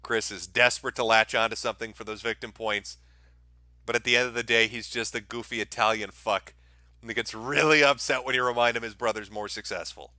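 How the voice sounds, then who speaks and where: A man's voice: mid-range voice, fairly even intonation, fairly quick, pushed and bright, no echo. A man hosting a commentary show, mocking the video clips he plays with profane, sarcastic remarks. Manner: mocking, profane, mimics people in sneering voices.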